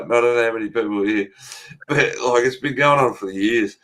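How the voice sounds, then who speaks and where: A man's voice: medium pitch, brisk, a bit bright. A man chatting casually on a livestream, laughing and swearing as he banters.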